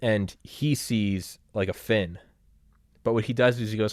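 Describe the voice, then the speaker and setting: A young man in casual chat who rambles through anecdotes full of fillers and acts out calm doctors in a raised voice. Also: medium pitch, brisk, no room sound, clean studio sound.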